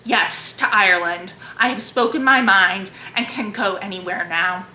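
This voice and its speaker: A woman's voice: mid-range voice, normal speed, pushed and bright, slight background noise. A woman reading as a defiant young governess. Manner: firm impassioned reading. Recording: echoey room.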